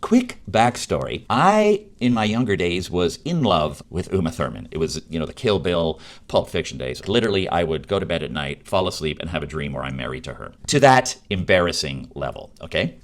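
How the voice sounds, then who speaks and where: A middle-aged man, a working actor telling a self-mocking story in a casual, animated way, laughing between lines. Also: sits low, brisk, hardly any pauses.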